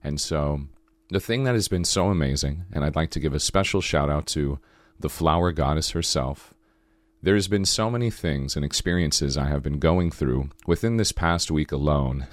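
A man hosting a podcast, giving a slow, earnest spiritual monologue in a low, sultry morning voice. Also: no echo. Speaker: podcast host.

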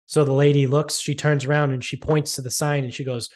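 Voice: medium pitch, little pitch movement, brisk, darkish tone. Brief: exasperated podcast host ranting a story, swearing freely, mocking tone. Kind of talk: casual storytelling rant.

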